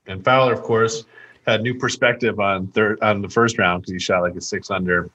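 A man's voice: fairly low pitch, steady tone, normal speed, a bit bright, muffled recording. A man co-hosting a podcast, chatting casually about golf with a rambling, restart-heavy way of talking. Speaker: podcast co-host. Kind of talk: casual sports chat.

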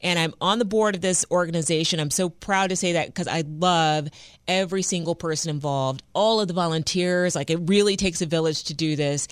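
A woman's voice: lowish voice, a little fast, clear, resonant tone, no echo. A woman co-hosting a morning radio call-in show, chatty and enthusiastic as she talks from the studio. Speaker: radio co-host. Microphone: studio microphone.

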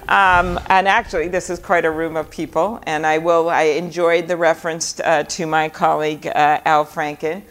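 A woman's voice: low-pitched, level tone, moderate pace, hardly any pauses, a bit bright. A middle-aged woman from Minnesota, a senator, giving a chatty live speech full of anecdotes and fillers. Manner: chatty storytelling with many fillers. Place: event hall before a live audience.

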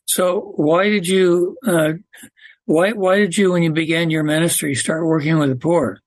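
A man hosting a faith program, asking slow, measured questions with fillers. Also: a little high, steady tone, no echo. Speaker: host.

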